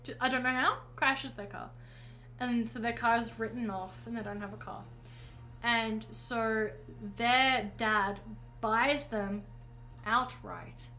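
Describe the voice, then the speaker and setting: A woman's voice: on the high side, fairly even intonation, slow, pushed and bright, poor audio. A woman streaming while painting, telling a rambling story in casual chat and often correcting herself. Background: faint music.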